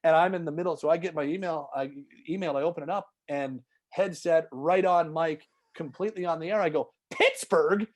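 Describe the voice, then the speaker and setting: A man from Canada working as a hockey reporter, telling stories in a casual, animated podcast chat. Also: on the high side, a little fast, hardly any pauses. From Calgary, Canada. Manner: animated, excitable storyteller with many restarts. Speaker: hockey reporter and radio host.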